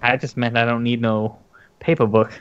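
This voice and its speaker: A man's voice: medium pitch, level tone, normal speed, smooth, muffled recording. A man co-hosting a casual podcast about tabletop games, talking in a rambling, hesitant way with many fillers. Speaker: podcast co-host.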